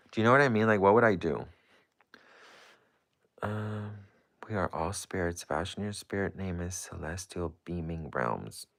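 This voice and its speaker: A man whose voice sits low with a fairly bright tone chats casually on a livestream he's hosting. He reads viewer comments out loud, effusive and gushing, rambling with frequent "like"s.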